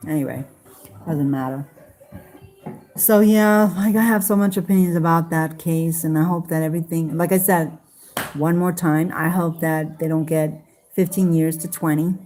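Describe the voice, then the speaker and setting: A woman chatting casually on a live stream, halting, with many fillers and restarts. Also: low voice, fairly even intonation, warm tone. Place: home in Las Vegas.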